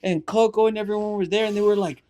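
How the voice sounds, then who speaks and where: Young man telling stories, foul-mouthed and animated. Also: high-pitched, quick pace. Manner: animated storyteller, swears a lot, acts out scenes. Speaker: podcast co-host. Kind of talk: casual podcast chat. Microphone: handheld mic.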